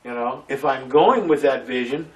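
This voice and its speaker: Man, theater actor, interview guest, animated storytelling, frequent restarts, a bit off-mic. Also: mid-range voice, moderate pace, distant mic, highs cut off. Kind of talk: casual interview.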